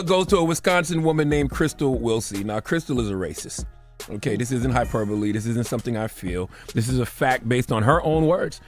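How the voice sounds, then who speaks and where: A man's voice: a little high, fairly bright tone. A man hosting a radio commentary segment, emphatic and digressive, checking in with his listeners constantly. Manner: emphatic, digressive, peppered with "okay?". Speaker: radio host.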